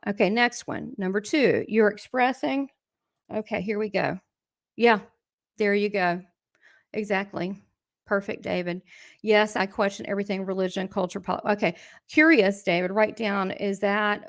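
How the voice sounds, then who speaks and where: Reading viewer comments aloud and talking right to her audience, this middle-aged livestream host and spiritual coach is chatty and quick to laugh. Her mid-range voice moves at a measured pace, recorded with studio quality and no echo.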